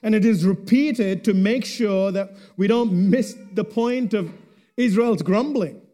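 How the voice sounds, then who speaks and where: A male preacher with a fairly high voice delivers a sermon in a slow, unhurried cadence. He speaks deliberately and lets each phrase sink to a hush at its close.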